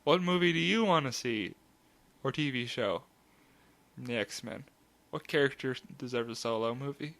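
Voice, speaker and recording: A man with a bright, forward voice hosts a laid-back podcast. He rambles through his thoughts and laughs often. His pitch sits in the middle range for a man. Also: normal speed. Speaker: podcast host. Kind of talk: casual chat.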